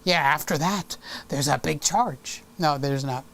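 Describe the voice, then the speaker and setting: A man's voice: on the high side, measured pace, creaky, fairly bright tone. A man hosting a casual live stream with a sore throat, chatty and teasing, talking into a desk microphone. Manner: chatty, teasing and affectionate with viewers.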